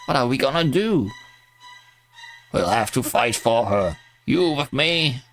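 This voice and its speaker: A man doing shrill rowdy oni henchmen. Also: takes it slowly. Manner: excitable, cheering. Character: rowdy oni underlings, brash and bloodthirsty. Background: faint background music.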